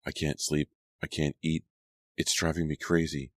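A man voicing a tearful, distraught teenage girl in an audiobook, speaking softly and murmuring. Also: very deep voice, flat delivery, normal speed, dry recording. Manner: soft, murmuring.

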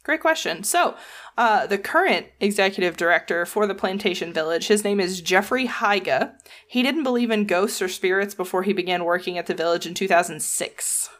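A woman's voice: mid-range voice, fairly quick, fairly bright tone. A woman from the American South, co-hosting a casual podcast and joking wryly as she reads through her notes. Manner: wry, joking, playful. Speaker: podcast co-host. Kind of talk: casual chat, reading researched notes.

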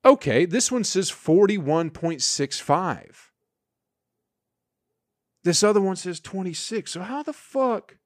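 A man's voice: sits high, animated, takes it slowly, long pauses, dry recording, studio quality. A man hosting a casual solo podcast, rambling and swearing in an exasperated way. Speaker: podcast host.

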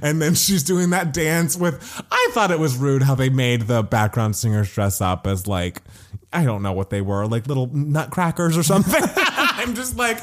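A man's voice: medium pitch, animated, moderate pace. A man co-hosting a casual pop-culture chat, gossiping animatedly, laughing often and swearing casually. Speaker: podcast co-host.

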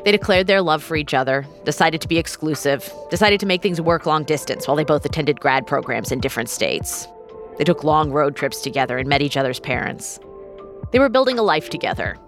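A woman's voice: sits low, expressive. Woman narrating over faint music. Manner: measured, storytelling delivery. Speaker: podcast host and narrator. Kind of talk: scripted narration.

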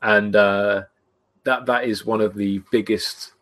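A man's voice: on the low side, fairly even intonation, slow pace, fairly bright tone. A man, a guest on a live stream, speaking in a modest, easygoing and somewhat hesitant way. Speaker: guest, video creator. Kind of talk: casual chat on a live stream.

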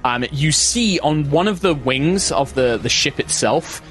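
A man's voice: a little high, animated, unhurried, fairly bright tone. Guy running a tabletop game, lots of ums, rambly, bit of music in the back. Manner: rambling, full of fillers and restarts. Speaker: game master.

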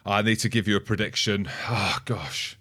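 Male podcast co-host, low voice, thinks aloud, casual and measured. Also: bright, forceful tone, slightly rough. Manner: thoughtful, talks through ideas aloud. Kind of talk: casual sports chat.

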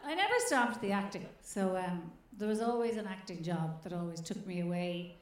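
A woman's voice: medium pitch, moderate pace, reverberant. A woman comedian with an Irish accent telling stories in a casual chat, laughing and swearing. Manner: animated, laughing, swearing storytelling. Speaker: comedian guest.

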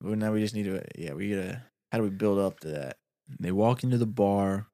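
A man's voice: fairly low pitch, a little fast, mellow, dry recording, studio quality. A man in casual conversation, brainstorming a short film and acting out lines in playful voices.

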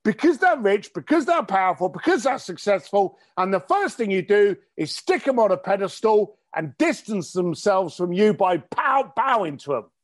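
A man from East tells stories bluntly and cheekily, swearing freely. His voice sits high, and his pitch leaps around with animated energy. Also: normal speed, few pauses. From East London. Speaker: interview guest. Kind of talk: casual storytelling interview.

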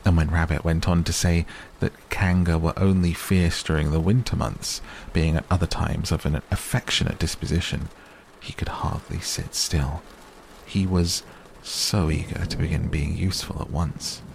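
A man narrating a storybook calmly and soothingly for bedtime listening. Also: low voice, vocal fry, a little hiss or hum, poor audio. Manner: slow, calm and soothing. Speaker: audiobook narrator. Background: rain sounds.

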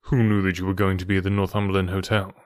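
A man reading aloud and voicing a keen, confident middle-aged detective who speaks in a measured, pointed way. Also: flat delivery, no echo, studio quality, natural voice. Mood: probing. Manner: measured, precise and pointed, voice dropped lower.

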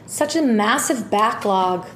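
A woman's voice: a little high, animated, slow pace, a bit bright. A woman co-hosting a podcast in casual chat, tasting food as she talks in a home kitchen. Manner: chatty, eating while talking. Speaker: podcast co-host. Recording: echoey room with faint ambient noise.

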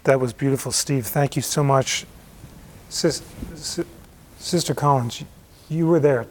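A man moderating an event, thanking the speaker and gently asking a guest to share her story. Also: mid-range voice, measured pace. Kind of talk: introducing and questioning a guest. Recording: faint background ambience.

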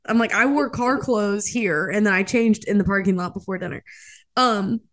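A woman's voice: mid-range voice, moderate pace, fairly bright tone. A young woman co-hosting a podcast in casual chat, telling stories with lots of fillers and acting out quotes. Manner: chatty storyteller, acts out quotes, many fillers. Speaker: podcast co-host.

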